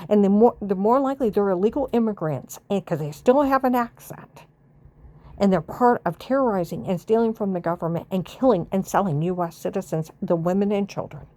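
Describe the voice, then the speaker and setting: A woman's voice: mid-range voice, warm tone. A woman from the United States in an angry, rambling monologue, swearing and repeating her accusations.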